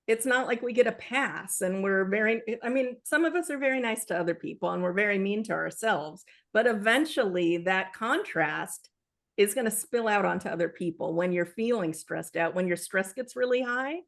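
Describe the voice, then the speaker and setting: A woman author speaking as an interview guest, earnest and lively. Her voice sits at a middle pitch, and she slips into quoted voices to act out self-talk. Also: moderate pace, gravelly. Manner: earnest, animated with acted-out quotes. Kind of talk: conversational interview.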